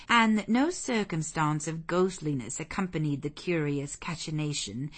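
Woman narrating a classic novel, measured. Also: lowish voice. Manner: measured, expressive storytelling. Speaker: audiobook narrator.

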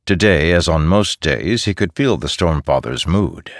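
Very deep-voiced audiobook narrator. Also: male voice, takes it slowly, no echo, studio quality. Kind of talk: scripted narration.

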